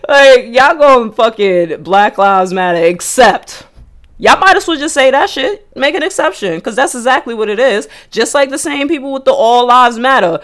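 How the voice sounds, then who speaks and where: Mad woman going off in a vlog rant, cussing nonstop, voice shaking. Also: a little high. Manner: angry, profane, restarts often. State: shaking with emotion. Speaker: vlogger. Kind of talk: heated personal rant.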